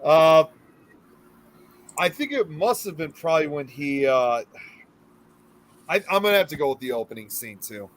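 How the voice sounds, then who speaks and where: A man's voice: fairly high pitch, lively intonation, normal speed, pauses often. A man on a podcast answering casually, hesitant and easygoing. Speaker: podcast co-host. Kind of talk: casual chat.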